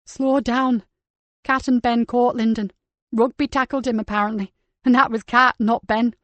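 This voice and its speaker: A woman's voice: on the high side, fairly even intonation, normal speed, dry recording, pitched above the performer's own voice, natural voice. Woman voicing a frantic, caring female detective. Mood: reassuring. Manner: urgent, scolding, emotional.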